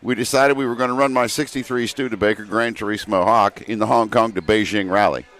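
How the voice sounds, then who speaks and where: A man appearing as a guest on talk radio, a former city councilman who talks in a calm, unbothered way and tells stories steadily. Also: on the low side, fairly quick. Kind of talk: casual radio conversation and storytelling.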